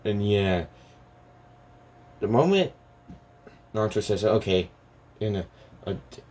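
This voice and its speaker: A man's voice: on the low side, big pitch swings, slow pace, a little mellow. A man casually talking through a story idea, hesitant and rambling, full of restarts and fillers.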